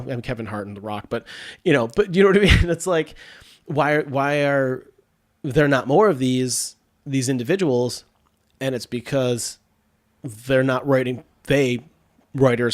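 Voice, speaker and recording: A man hosting a podcast in casual chat, with congested sinuses, rambling and restarting his sentences with frequent laughs. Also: medium pitch. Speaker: podcast host.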